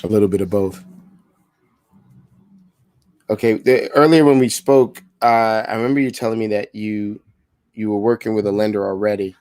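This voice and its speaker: Upbeat low-voiced man on sales calls. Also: steady tone, moderate pace, pauses often, a little mellow, no echo. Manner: casual, upbeat, repeats words and restarts. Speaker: sales trainer making live calls. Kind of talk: live phone calls with coaching asides.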